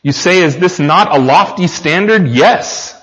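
A man's voice: on the high side, animated, measured pace, fairly bright tone, big-room sound. An American man preaching a sermon in an earnest way, talking straight to the congregation and asking them questions. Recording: slightly dull lo-fi recording.

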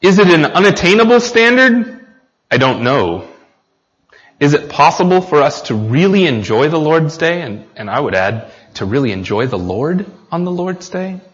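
A man's voice: fairly high pitch, sing-song, moderate pace, fairly bright tone, long reverb tail. An American man preaching a sermon in an earnest way, talking straight to the congregation and asking them questions. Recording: slightly dull lo-fi recording.

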